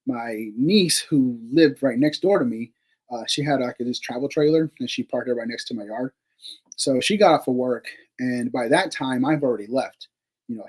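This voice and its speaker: A man's voice: medium pitch, slightly rough, low-quality recording. A man, a paranormal investigator, telling a story casually, with many fillers, casual swearing and laughs between remarks.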